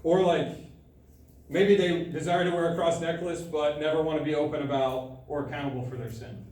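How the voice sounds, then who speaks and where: A young man giving a sermon to a student group, telling a personal story in a casual, animated way with frequent laughter. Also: a little high, moderate pace. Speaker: student speaker. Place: large room at a student gathering. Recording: echoey room, from far off, faint noise.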